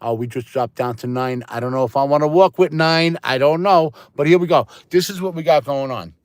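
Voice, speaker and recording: Casually rambling to viewers he greets by name, a male livestreamer repeats himself while mostly standing in a windy parking lot, filming on his phone. He speaks fairly quickly in a fairly high voice. The recording is dry, though the phone mic picks up loud wind.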